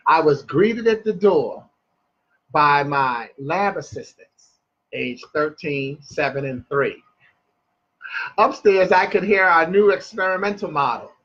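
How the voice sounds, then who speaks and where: A man's voice: fairly high pitch, fairly bright tone, slightly rough, muffled recording. A man hosting a broadcast, reading a story aloud with chatty asides and stumbling restarts. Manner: chatty, loses his place and restarts.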